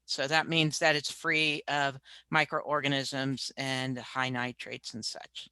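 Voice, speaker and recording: A woman's voice: rumbling low, level tone, takes it slowly, pushed and bright, clear, resonant tone, no room sound. A woman public health sanitarian answering a question in a matter-of-fact, explanatory way. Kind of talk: answering a question in an online workshop.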